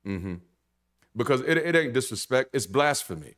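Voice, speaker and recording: A man preaching in a conversational sermon style, blunt and animated, swearing casually and restarting sentences. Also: mid-range voice, fast talker. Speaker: pastor.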